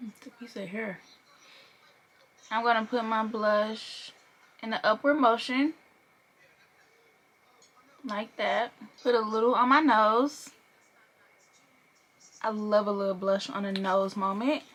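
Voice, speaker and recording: A woman's voice: a little high, fairly even intonation, slow, pauses often, a bit bright. A young woman chatting casually through a makeup tutorial, playful and a bit profane, laughing as she goes. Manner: chatty and playful, swears and laughs while working. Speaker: beauty vlogger.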